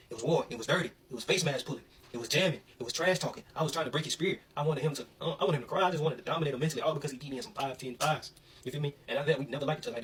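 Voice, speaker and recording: A young man from Alabama telling a story in an animated, slangy way. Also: fairly high pitch, far from the mic, a little hiss or hum, rough recording. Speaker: vlogger. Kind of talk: casual storytelling.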